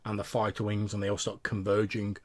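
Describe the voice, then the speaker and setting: A man narrating a tabletop space adventure as game master, in a measured, descriptive way. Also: on the low side, completely flat delivery, a little mellow, soft background music.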